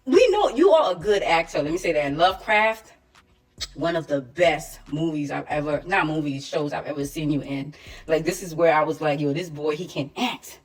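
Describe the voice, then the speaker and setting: A woman's voice: low-pitched, normal speed, recorded from a distance. A woman giving casual opinions in a sassy, teasing way, laughing often. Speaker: commentator.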